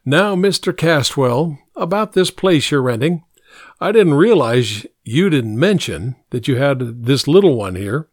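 A fussy, long-winded county tax assessor lays out his objections one point at a time, as a man reading the story puts him on. The delivery rolls up and down with lively pitch and takes its time. It is a dry, close storybook reading. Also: unhurried, breathy edge, no echo. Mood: officious. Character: pompous older male small-town tax assessor.

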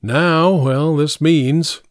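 A man's voice: a little high, fairly even intonation, drawn-out words, no echo, studio quality. A man reading a story aloud, voicing a fussy, long-winded small-town tax assessor who counts his points off one by one. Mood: officious.

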